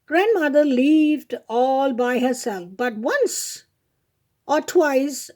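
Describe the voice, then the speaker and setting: A woman reading a fairy tale aloud in a high, mellow voice. She takes her time, and small slips and self-corrections dot her storytelling. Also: animated, extremely slow.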